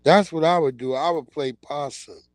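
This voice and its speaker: A man hosting a livestream, chatting in a casual comedic way, laughing often and acting out loud yelled quotes. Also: fairly high pitch, moderate pace, no echo. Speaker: livestream host.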